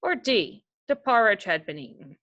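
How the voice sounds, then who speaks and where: A woman's voice: medium pitch, sing-song, moderate pace, pushed and bright, muffled recording. A woman teacher giving a reading lesson, reading a story aloud and explaining it patiently with questions to the listener.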